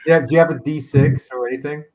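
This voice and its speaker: A man's voice: a little high, fairly even intonation, mellow. A man narrating as game master in a tabletop game, rambling with frequent restarts. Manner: rambling, halting, many restarts.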